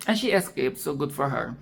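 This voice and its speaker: A woman giving casual, expressive film commentary, swearing freely and repeating phrases for emphasis. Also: sits low, creaky, a little hiss or hum.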